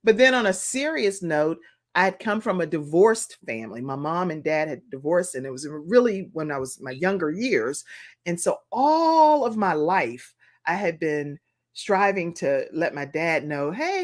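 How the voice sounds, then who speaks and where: Woman, talk show host, lively pitch, lowish voice, expressive storytelling. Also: unhurried. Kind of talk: personal storytelling in an interview.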